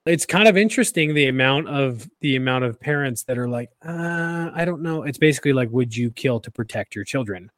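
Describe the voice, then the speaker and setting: A man's voice: medium pitch, fairly quick, hardly any pauses, no echo. A man co-hosting a podcast, telling rambling stories in casual chat, often restarting and laughing at himself. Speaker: podcast co-host.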